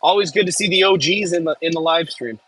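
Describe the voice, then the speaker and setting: Easygoing Midwestern man with a husky voice. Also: on the high side, quick pace, bright, forceful tone, no echo, poor audio. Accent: Midwestern American. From Midwest United States. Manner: easygoing, chatty, jokey asides. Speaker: farm worker live-streaming from an excavator. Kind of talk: casual live-stream chat, reading viewer comments.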